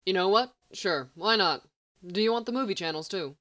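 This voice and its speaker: A woman reading the lines of a sharp-tongued, impatient genius man who snaps commands. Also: mid-range voice, expressive, moderate pace, lightly acted. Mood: dry. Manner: snappish, commanding.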